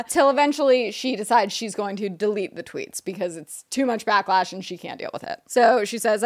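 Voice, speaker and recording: A woman's voice: mid-range voice, moderate pace, few pauses. A woman co-hosting a commentary podcast, casually recapping a story and swearing now and then. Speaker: podcast co-host.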